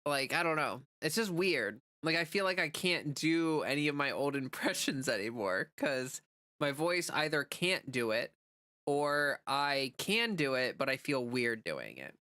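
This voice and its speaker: A woman's voice: deep voice, big pitch swings, measured pace, fairly bright tone, no room sound, clean studio sound. A woman streamer in casual live chat, answering chat messages in a chatty way with lots of "like" fillers.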